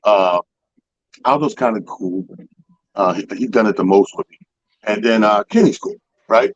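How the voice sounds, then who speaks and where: A man who organizes comedy shows hosts a radio talk show, telling a profane story in a casual, chatty way and animatedly acting out what other people said. His voice is on the low side at a moderate pace, and the recording is lo-fi with no room sound.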